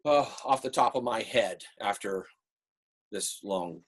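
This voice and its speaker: A man teaching an online art class over a video call, relaxed and rambling with many fillers. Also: on the low side, slow. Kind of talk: online class lecture and critique.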